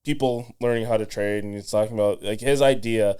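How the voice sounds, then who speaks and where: A man hosting a podcast in relaxed, conversational chat, musing aloud. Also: lowish voice, a little fast, clean tone. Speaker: podcast host.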